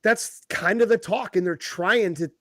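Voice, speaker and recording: A man's voice: high-pitched, unhurried, no echo, studio quality. A man co-hosting a podcast in casual chat, rambling and swearing as he gets worked up. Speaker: podcast co-host.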